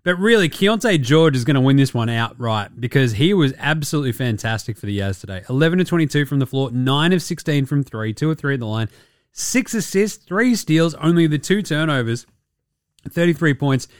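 A man's voice: on the high side, animated, a little fast, dry recording, studio quality. A young man hosting a casual solo sports podcast, rambling and joking with plenty of swearing. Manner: rambling, profane, jokey. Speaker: podcast host.

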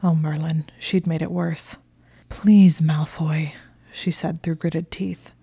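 A woman reading fan fiction aloud in a soft, often whispered way. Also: sits low, flat delivery, unhurried, gravelly, breathy edge, dry recording.

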